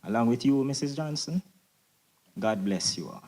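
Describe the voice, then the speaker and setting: A man's voice: medium pitch, very animated, moderate pace, very noisy. A man giving a grateful parent testimonial at a symposium, fervent and repeating his thanks and blessings. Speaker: parent speaker. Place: symposium hall.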